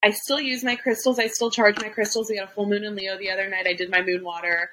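A woman's voice: medium pitch, level tone, fast talker, pushed and bright, low-quality recording. A young adult woman hosting a podcast, chatting casually with lots of fillers and restarts. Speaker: podcast host. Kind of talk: casual chat.

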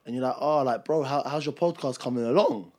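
A young man, co-hosting a podcast and telling a story in casual chat, acting out what others said. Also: medium pitch. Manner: rapid, animated, acts out quotes. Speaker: podcast co-host.

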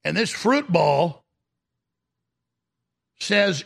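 Gravelly ranting radio host, a man. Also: high-pitched, animated, unhurried, long pauses, bright, forceful tone. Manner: indignant, ranting, mocking. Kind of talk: talk radio monologue.

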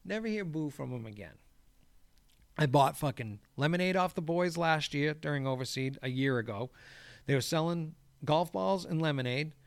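A man's voice: a little high, animated, normal speed, vocal fry, dry recording. A man, a golf course crew boss, telling a story in casual chat, swearing freely and acting out the quoted dialogue. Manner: profane, acts out quoted dialogue.

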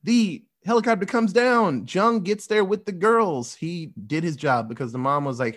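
A man casually recapping a movie plot, animated and profane, acting out the characters' lines as he goes. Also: sits high, normal speed, hardly any pauses.

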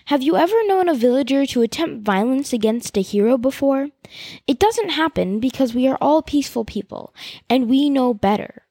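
A woman's voice: sits high, animated, mellow, dry recording, pitched above the performer's own voice. A woman reading as a cautious village man. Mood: careful. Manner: careful, measured. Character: cautious male village leader.

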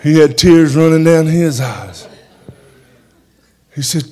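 A man giving a church testimony, telling his story in an animated way and punctuating it with "amen" as he speaks. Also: fairly high pitch, a little slow, pauses often, breathy edge.

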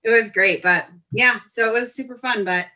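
Bright, chatty woman telling stories. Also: a little high, moderate pace. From Colorado. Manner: lively, chatty, fond of "like". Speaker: podcast guest. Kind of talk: casual storytelling chat.

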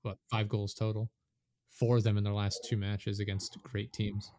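A man's voice: fairly low pitch, moderate pace, no echo. Guy rambling about soccer in casual chat, dry close mic, gets worked up n swears. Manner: rambling, animated when annoyed, swears.

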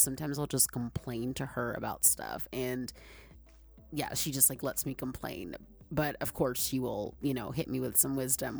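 Low gravelly woman hosting a podcast. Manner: chatty, rambling, many fillers. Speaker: podcast host. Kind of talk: casual advice podcast. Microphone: own microphone.

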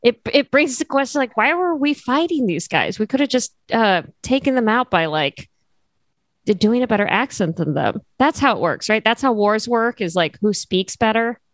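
A woman's voice: on the high side, expressive, moderate pace, dry recording. A woman co-hosting a podcast, chatting casually and joking, with lots of fillers. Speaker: podcast co-host. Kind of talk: casual chat.

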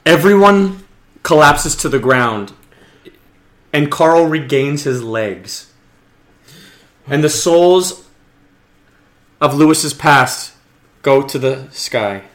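A man narrates improvised comedy scenes in a casual, rambling manner with fillers. His voice sits a bit high. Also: lively intonation, slow, pauses often, fairly bright tone, reverberant.

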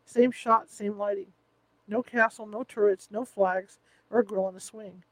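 A suspicious restaurant owner brushes a customer off in short, blunt phrases, read by a man with a fairly high, dry voice. The delivery is plain audiobook reading. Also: fairly even intonation, normal speed, no echo, close to an everyday voice, low-quality recording. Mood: blunt doubt. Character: suspicious middle-aged male restaurant owner.

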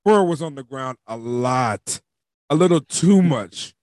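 A man's voice: expressive, unhurried, darkish tone, no room sound, studio quality. A man hosting a casual sports podcast, chatty and loose, laughing and filling with "um" and "like". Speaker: podcast host. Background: dog squeaking a toy.

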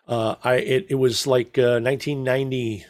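A middle-aged man telling stories in casual chat as a podcast co-host, rambling and joking with a deadpan delivery. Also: medium pitch, normal speed, no room sound, studio quality.

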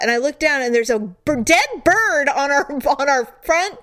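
High-pitched woman chatting, laughs a lot, squeals when quoting people. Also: moderate pace. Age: adult. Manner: animated, laughing, acts out quotes in high squeals. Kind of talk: casual storytelling chat.

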